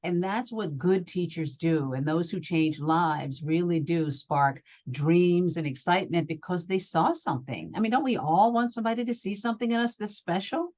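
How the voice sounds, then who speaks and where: A middle-aged woman from Georgia, a journalist talking as an interview guest, telling stories in an animated way and acting out what people said. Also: on the low side, normal speed, few pauses, lo-fi sound. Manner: animated storyteller, acts out quotes. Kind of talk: interview conversation.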